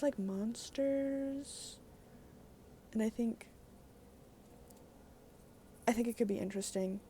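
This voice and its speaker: Chatty woman book vlogger, mellow voice. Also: a little high, a little hiss or hum. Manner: chatty and candid, with frequent fillers and casual swearing. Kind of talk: casual daily book vlog.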